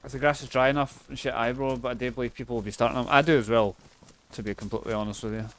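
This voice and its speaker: A man's voice: mid-range voice, fairly even intonation, very fast, fairly bright tone. A Scottish man live streaming a game, chatting casually and swearing freely as he thanks viewers. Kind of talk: casual gameplay chat.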